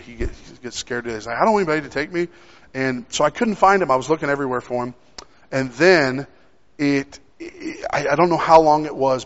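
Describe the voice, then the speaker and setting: A man's voice: mid-range voice, a bit bright. A young man preaching a sermon, telling a personal story in a conversational way with frequent restarts. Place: church sanctuary. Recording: dull sound with long hall reverb.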